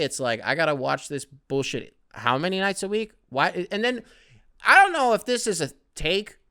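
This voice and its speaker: A man's voice: a little high, a bit bright, clean tone, dry recording. A man hosting a casual solo podcast who answers listener emails in a rambling, profane, conversational way, close to the mic. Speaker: podcast host.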